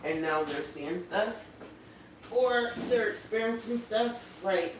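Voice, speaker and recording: A woman's voice: medium pitch, expressive, slow pace, noisy background. A woman hosting a livestream, talking candidly and emotionally straight to her viewers in a casual way. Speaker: livestream host.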